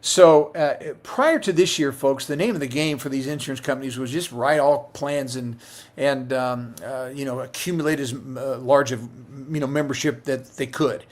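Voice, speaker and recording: A man's voice: medium pitch, normal speed. A middle-aged man who works as a Medicare insurance agent, answering viewer questions on a live stream in a conversational way, with many fillers and restarts.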